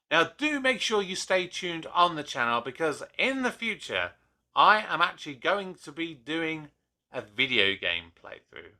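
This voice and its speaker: With a sharp tone and a mid-range voice, a young man runs his own YouTube channel and delivers a casual review. The monologue is opinionated and he restarts often.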